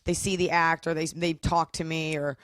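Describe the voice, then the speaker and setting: A young woman comedian, a guest on a podcast, talking in a casual, animated way and acting out quotes. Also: low-pitched, normal speed, dry recording, studio quality. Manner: animated storytelling with acted quotes. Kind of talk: casual chat.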